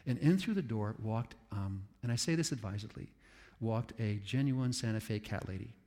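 A man preaching to a room of pastors, telling stories in an animated, self-aware way. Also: lowish voice, normal speed, in a large hall. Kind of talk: sermon to pastors.

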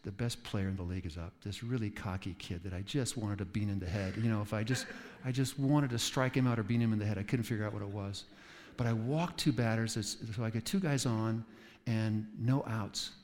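A man from the Coast, a pastor preaching a sermon in a relaxed, conversational way with asides to his listeners. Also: lowish voice. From West Coast of the United States. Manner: conversational storytelling with asides to the audience. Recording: reverberant hall.

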